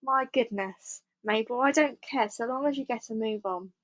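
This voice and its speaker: A woman's voice: on the high side, normal speed, fairly bright tone, close to an everyday voice, low-quality recording. A bossy, impatient farmer's wife, as a woman reading aloud puts her on, snapping orders at her servant in a raised voice. It is a storybook voice, read close to the microphone. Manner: impatient, commanding.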